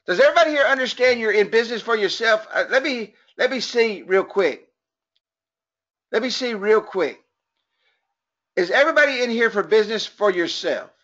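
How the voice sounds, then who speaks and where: A man's voice: high voice, expressive, normal speed, fairly bright tone, dull audio. A man from Texas with a Texan accent running a motivational business training webinar, folksy and upbeat, joking and chatting with attendees.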